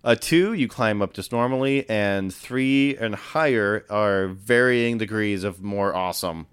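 A man narrating as game master in a tabletop game, relaxed and full of fillers. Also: lowish voice, unhurried, clean tone, dry recording, studio quality.

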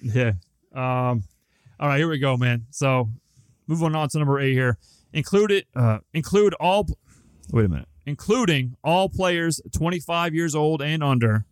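A man's voice: a little high, expressive, moderate pace, clear, resonant tone, no room sound. A young man co-hosting a podcast, telling a long, rambling, profane story in a casual, laid-back way. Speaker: podcast co-host.

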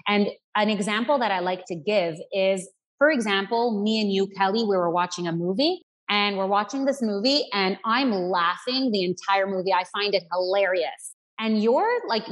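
A woman parenting coach explaining her ideas earnestly, using everyday examples in conversation. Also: medium pitch. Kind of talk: explanatory interview talk.

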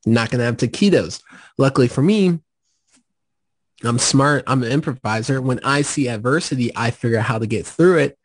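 A man's voice: mid-range voice, moderate pace, husky, no echo. Jokey man podcast co-host, dry mic. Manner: jokey, animated storyteller, boastful in jest. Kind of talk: casual podcast chat.

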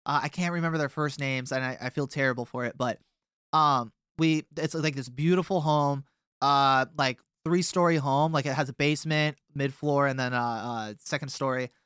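Young man, band member, casual storytelling, rambling, smooth voice, dry close recording. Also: mid-range voice, fairly even intonation, moderate pace, fairly bright tone, dry recording. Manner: rambling, many fillers and restarts. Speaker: touring band member, guest.

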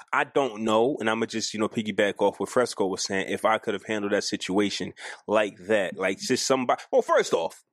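Man, podcast co-host, casual chat, argumentative, dry close-mic sound. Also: no room sound. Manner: animated, argumentative, jumps into high-pitched emphasis.

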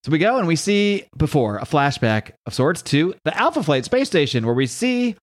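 A man's voice: fairly high pitch, sing-song, normal speed. A man casually reading through a comic book, rambling, joking and correcting himself as he goes. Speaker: comic book recap host.

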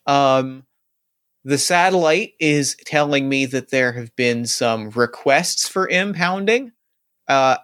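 A man voicing an obliging male service android, talking in a flat, formal robotic monotone. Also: mid-range voice, no echo, clean studio sound.

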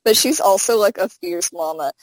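A woman's voice: a little high, normal speed, gravelly, dry recording, poor audio. A chatty woman with a lilt tells stories in a loose, filler-heavy way and slips into the voices she quotes. Her voice sits in a middle range and sounds close and dry, with no room around it. She talks over a phone. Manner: animated storytelling with many fillers, acting out quotes. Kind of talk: casual chat.

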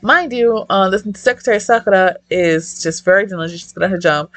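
A young woman reviewing a manga in casual chat, excitable, swearing a lot and rambling off-topic. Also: mid-range voice, fairly quick, no room sound.

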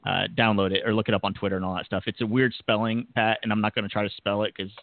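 A man's voice: lowish voice, level tone, fast talker, dry recording. A man hosting a podcast in casual chat, upbeat and encouraging. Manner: upbeat, encouraging, laughs easily. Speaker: podcast host. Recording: tinny dry phone-like sound.

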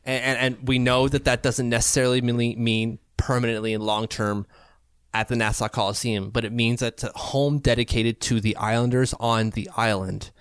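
A male hockey podcast co-host with a mid-range voice, talking in an animated, opinionated way. He often stumbles and restarts his sentences. The sound is dry and close to the mic. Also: medium pitch, moderate pace, clean tone, no echo. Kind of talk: casual chat.

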